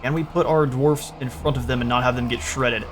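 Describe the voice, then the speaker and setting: A man's voice: mid-range voice, fairly even intonation, fairly quick. A man casually commentating his own strategy game session, thinking aloud with frequent fillers and restarts. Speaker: gaming channel host.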